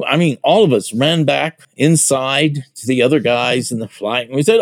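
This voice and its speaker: An older man recalls his military years in a loose, rambling way, full of restarts and fillers. His voice is gravelly, with some fry, and the recording sounds dry and close. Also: mid-range voice, normal speed, few pauses, dry recording. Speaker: veteran telling his life story. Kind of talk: casual spoken memoir.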